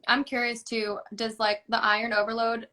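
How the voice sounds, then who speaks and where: A woman hosts a podcast interview in a bright, clear voice. She affirms her guest's points and moves things along with casual, open questions. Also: a little high, flat delivery, moderate pace. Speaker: podcast host.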